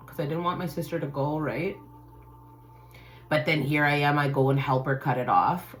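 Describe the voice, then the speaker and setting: A woman's voice: low voice, fairly bright tone, a little hiss or hum, poor audio. A woman host telling an emotional personal story in a casual, emphatic way and swearing freely. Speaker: tarot channel host.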